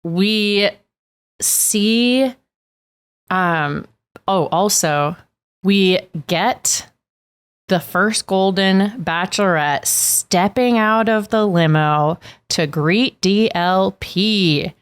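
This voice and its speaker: A woman's voice: medium pitch, extremely slow, clear, resonant tone. A woman co-hosting a podcast, chatting playfully about a dating show and laughing often. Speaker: podcast co-host. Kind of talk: casual recap chat.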